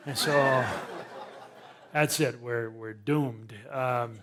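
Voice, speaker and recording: An older man tells a comic story to a live audience. He talks in an animated, self-deprecating way and makes sound effects as he goes. His voice sits at a medium pitch. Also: very slow. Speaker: naturalist guest speaker.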